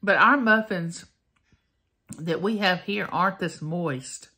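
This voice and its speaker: Lady vlogging a taste test, slow and chatty, bright voice. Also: lowish voice, husky. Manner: chatty, folksy, talks to viewers directly. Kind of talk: casual taste-test vlog.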